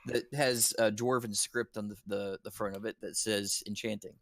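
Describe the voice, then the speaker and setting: A man narrating as dungeon master, halting and full of fillers. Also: fairly low pitch, steady tone, gravelly, fairly bright tone, no echo, studio quality. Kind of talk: improvised game narration.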